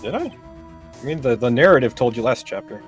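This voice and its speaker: A man chatting over a game with a dry, teasing manner. His mid-range voice moves lively up and down. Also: mid-range voice, normal speed, soft background music. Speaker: co-host, guest voice actor. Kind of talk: casual gameplay chat.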